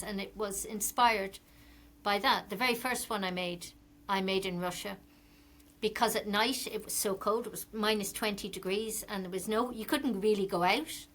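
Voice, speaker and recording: A woman's voice: mid-range voice, moderate pace, fairly bright tone. A middle-aged Irish woman, a fashion designer, chatting as a podcast guest and telling rambling stories with many ums. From Ireland. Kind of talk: casual interview chat.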